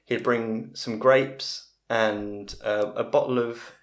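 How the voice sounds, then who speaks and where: A man's voice: medium pitch, steady tone, takes it slowly. A man, a comedian guest, telling long rambling stories in casual chat. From England. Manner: rambling storyteller with frequent restarts. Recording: roomy echo.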